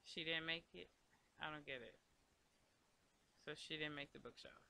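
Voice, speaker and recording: A man hosts a casual let's play, chatting to the game characters and his viewers as he goes. His voice is very bright and sits a bit high. He speaks in a loose, conversational way throughout. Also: moderate pace, vocal fry, clear, resonant tone. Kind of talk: casual gameplay commentary.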